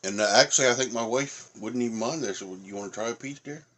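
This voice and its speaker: Bright-voiced Atlantic Canadian man rambling. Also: medium pitch, fast talker, slight background noise. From Nova Scotia, Canada. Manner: rambling, many fillers, talks while eating. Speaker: food reviewer. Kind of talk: casual tasting review.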